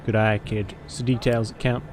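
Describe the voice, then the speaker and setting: A man's voice: on the low side, little pitch movement, fairly quick, noisy background, lightly acted. A man voicing a cynical, streetwise male vampire detective with a gritty, hard-boiled drawl. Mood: gruff. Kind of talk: visual novel voice acting.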